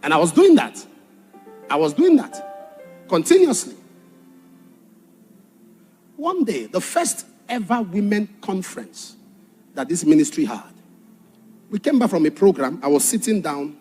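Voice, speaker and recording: A man preaching a sermon with passion, swinging from shouted warnings to hushed storytelling. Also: high voice, big pitch swings, measured pace, pauses often, faint music behind.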